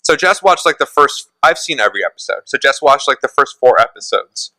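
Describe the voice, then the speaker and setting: A man's voice: mid-range voice, sing-song, a little fast, sharp tone, dry recording, low-quality recording. A man co-hosting a casual pop culture podcast, talking animatedly and laughing often. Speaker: podcast co-host. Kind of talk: casual chat.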